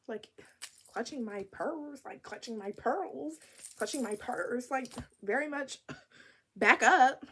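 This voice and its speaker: Animated young woman telling a storytime. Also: high voice, moderate pace. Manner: animated, expressive, wry. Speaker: vlogger. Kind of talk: casual storytime vlog.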